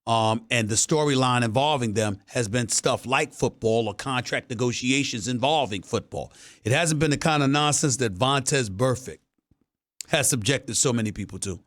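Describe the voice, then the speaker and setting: A man's voice: mid-range voice, moderate pace, fairly bright tone. A man hosting a sports talk radio show, delivering emphatic, punchy, opinionated commentary.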